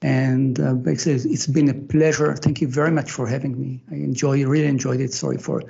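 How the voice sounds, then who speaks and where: A man with a French accent, a guest in a video-call interview, speaking in halting, hesitant phrases. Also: medium pitch, fairly even intonation, vocal fry, mellow, husky, highs cut off.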